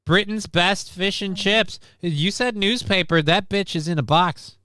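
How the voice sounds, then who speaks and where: Smooth-voiced joking male streamer. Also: high-pitched, unhurried, bright, forceful tone, dry recording, studio quality. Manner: joking, rambling, swears freely. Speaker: stream host. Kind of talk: casual chat reacting to news clips.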